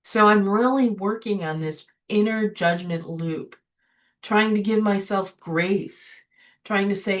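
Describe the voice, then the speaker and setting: A woman's voice: medium pitch, takes it slowly. A woman hosting a spiritual recovery webinar in a casual, conversational way, often asking "right?" and adding "you know" as she talks. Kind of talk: informal spiritual webinar talk. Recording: voice somewhat distant from the mic.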